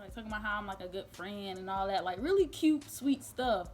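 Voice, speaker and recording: A young woman spins a casual storytime for her vlog in a chatty, animated way, full of fillers and quick laughs. Her voice sits at a middling pitch for a woman. Faint music plays behind her. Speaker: vlogger. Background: faint background music.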